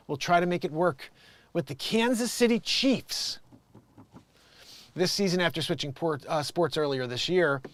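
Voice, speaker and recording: A man's voice: fairly high pitch, sing-song, moderate pace, no room sound. A man hosting an improvised comedy show, reading the news and breaking off into jokey, rambling asides.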